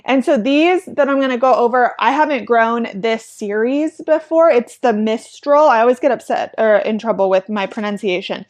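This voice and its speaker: Bubbly, chatty woman farmer with a slightly high voice. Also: moderate pace, few pauses. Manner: chatty and bubbly, with frequent "like" and laughter. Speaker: flower farmer. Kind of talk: casual how-to vlog.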